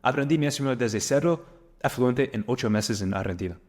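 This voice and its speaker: A man in his twenties giving an emphatic, energetic motivational business lesson to camera, full of rhetorical questions. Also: medium pitch, quick pace. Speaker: business coach.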